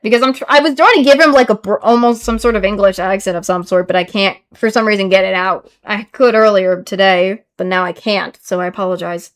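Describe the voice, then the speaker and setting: A woman streaming a game, reading its dialogue aloud haltingly and apologizing for her attempts at voices. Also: mid-range voice, steady tone. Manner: apologetic, self-correcting, reads lines haltingly.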